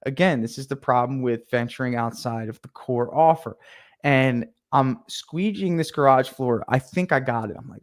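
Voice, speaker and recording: A man's voice: mid-range voice, normal speed. A young man telling a story in casual talk as a podcast guest, acting out his own past lines with energy. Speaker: podcast guest, painting contractor.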